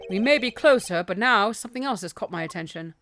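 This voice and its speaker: A woman voicing a refined male prosecutor in a game, speaking in a measured, lowered and precise way. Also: lively intonation, fairly bright tone, faint music behind. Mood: composed. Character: stiff, formal male prosecutor, cool and refined.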